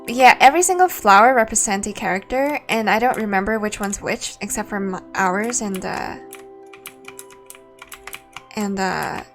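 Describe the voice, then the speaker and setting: A woman's voice: medium pitch, moderate pace, fairly bright tone, faint music behind. A woman streaming a game, chatting casually and thinking aloud, laughing easily. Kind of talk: casual let's-play commentary.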